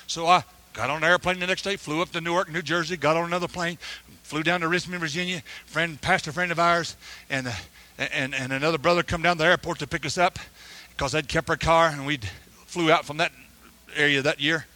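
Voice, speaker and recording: A middle-aged man preaching a sermon with personal testimony, telling his story with animated energy, stammered restarts and frequent hallelujahs. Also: a little high, a little fast. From United States. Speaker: preacher, missionary.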